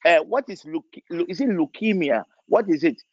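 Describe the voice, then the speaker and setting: A man leading a prophetic prayer session as pastor, pleading fervently and repeating phrases, rising to near shouts. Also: on the high side, expressive, moderate pace, no echo, muffled recording.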